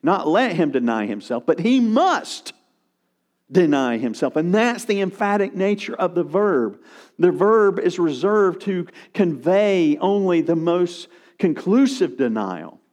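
Male pastor, sermon delivery, emphatic with wide swings in volume, pitch a bit high. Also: very animated, a little slow, darkish tone.

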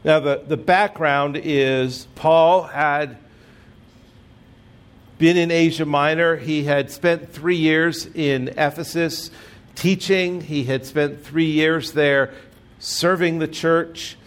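A middle-aged man delivers a sermon as the congregation's pastor. His voice sits a bit higher than most men's. He talks in an easy, conversational way, with gentle self-deprecating humor. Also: steady tone, takes it slowly.

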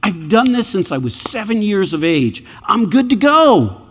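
A man's voice: high voice, very animated, unhurried, highs cut off, slight background noise, pitched above the performer's own voice. A man voicing a self-satisfied rich young man who is sure he has earned his way to heaven, in an echoey hall. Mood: smug.

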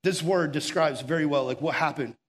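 A young adult man preaching a sermon, earnest and urgent, telling stories conversationally with filler words and dropping to quiet, intimate stretches. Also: a little high, brisk. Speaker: pastor.

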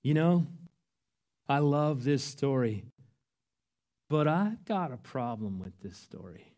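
A man preaching a sermon, earnest and emphatic, his voice rising to loud peaks. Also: mid-range voice, expressive, slow. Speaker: pastor.

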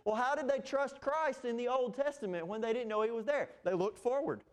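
A man's voice: very high-pitched, a little fast. A man preaching an expository sermon, earnest and emphatic, with fillers and restarts. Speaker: pastor.

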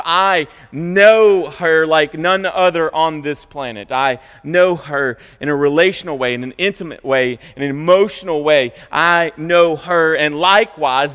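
A man preaching in a church, pitched a little high, leaning hard on key words and then falling to hushed asides. His voice rings out with a long hall reverb behind it. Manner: emphatic, swings between loud high stresses and quiet low asides. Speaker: pastor. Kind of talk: sermon. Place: church sanctuary.

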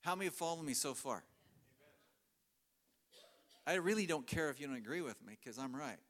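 A man's voice: on the high side, expressive, normal speed, fairly bright tone. A middle-aged man preaching a sermon in a church, telling a story with humor and frequent chuckles.

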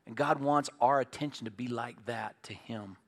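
A middle-aged man preaching a sermon as pastor, folksy and storytelling, moving between loud emphatic points and quiet earnest asides. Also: medium pitch, normal speed, vocal fry.

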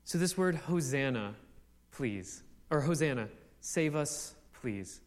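A young man preaching a sermon in a conversational way, with many fillers, building to excited exclamations. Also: medium pitch, slow pace, in a large hall.

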